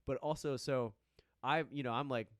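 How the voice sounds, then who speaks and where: Young male guest, smooth and resonant, close dry mic; animated storyteller. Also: mid-range voice, moderate pace, no echo. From American Midwest. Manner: animated storyteller, acts out quoted voices. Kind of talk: casual storytelling chat. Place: small studio.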